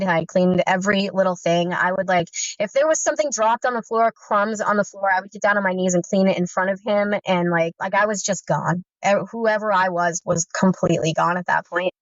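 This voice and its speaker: A woman recounting her own story in earnest personal testimony, halting, with frequent fillers and restarts. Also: medium pitch, fairly bright tone, no echo. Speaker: guest survivor recounting abuse. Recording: muffled, dry recording.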